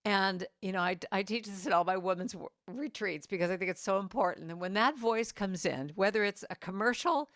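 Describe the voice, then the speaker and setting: A woman speaks to a church congregation in an easy, conversational way, sometimes dropping into soft, tender asides. Her voice sits at an ordinary middle pitch. The sound is close and dry. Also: brisk, few pauses, dry recording. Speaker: guest speaker and singer. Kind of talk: inspirational church talk. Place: church sanctuary.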